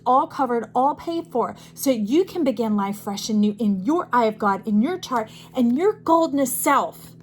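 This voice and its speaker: Tarot-reading woman, emphatic and declaring, mid-pitched, light room hiss. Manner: emphatic, declaring, addresses listener as friend and y'all. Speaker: tarot reader.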